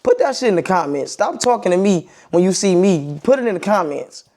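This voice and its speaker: A young-sounding man with a high, darkish voice vents in a casual opinion monologue, very animated and brisk. He's a vlogger sharing his views bluntly and profanely, hammering his points home by repeating them with emphasis.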